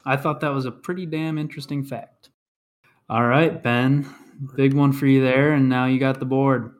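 A man's voice: medium pitch, flat delivery, normal speed. A man hosting a casual podcast trivia game, reading clues and announcing scores.

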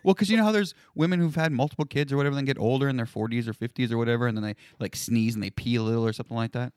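A man's voice: medium pitch, rapid-fire, darkish tone, smooth, no room sound, clean studio sound. Giggly young man tossing out silly questions. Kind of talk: crude casual banter.

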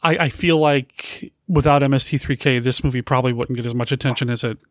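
Unhurried, enthusiastic man in casual chat. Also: mid-range voice, fairly even intonation, no room sound. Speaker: podcast co-host.

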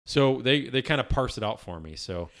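A man's voice: mid-range voice, lively intonation, normal speed, a bit bright. A man co-hosting a podcast, chatting casually, rambling and restarting his sentences, laughing easily. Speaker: podcast co-host. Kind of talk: casual chat.

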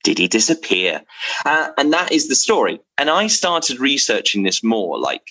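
A man telling a story to camera about his drinks brand, rambling and excitable, with many restarts and fillers. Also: medium pitch, moderate pace.

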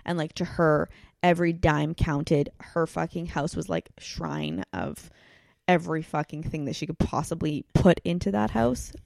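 A woman's voice: deep voice, steady tone, moderate pace, creaky, a little mellow, dry recording, clean studio sound. A woman in her thirties sharing a candid personal story in casual chat, saying 'like' often. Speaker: guest.

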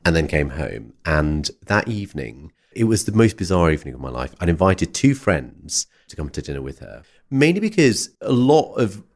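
A man hosting a podcast, telling an anecdote in a rambling way with lots of "sort of" and "like". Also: rumbling low. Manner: rambling, hedges a lot with "sort of" and "like". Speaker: podcast host. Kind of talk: casual storytelling interview.

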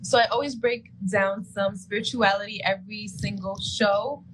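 A woman's voice: medium pitch, steady tone, moderate pace, a little hiss or hum, poor audio. A woman co-hosting a casual live-stream show and breaking down astrology, talking loosely with lots of "like" and often laughing. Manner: chatty, uses "like" a lot, laughs often. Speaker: co-host.

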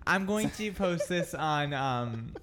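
A man's voice: fairly high pitch, animated, takes it slowly, background noise. A man co-hosting a radio show in casual banter, rambling and hesitant with many ums.

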